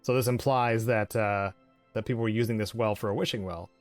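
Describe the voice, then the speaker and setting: A man's voice: lowish voice, steady tone, fairly quick, no echo, faint music behind. Chatty giggly man playing a game. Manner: chatty, giggly, self-restarting. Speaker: let's play host. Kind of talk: casual game commentary.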